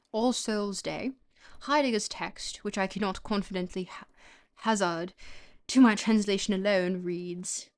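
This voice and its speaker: Woman streamer reading a book aloud, slow and halting, tired, stumbles over foreign words. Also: medium pitch. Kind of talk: casual live-stream reading with chat.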